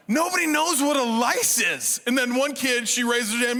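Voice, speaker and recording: A middle-aged man gives a comic, story-driven motivational talk from a stage. His voice sits high and bright, and he talks in an animated, chatty way. A long hall reverb trails every phrase. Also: fast talker, few pauses. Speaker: motivational speaker.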